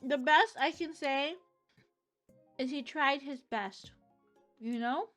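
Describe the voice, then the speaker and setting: Young woman, live streamer, casual chat, giggly, high voice, faint music behind. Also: slow pace, fairly bright tone. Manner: chatty, reads chat aloud, giggly.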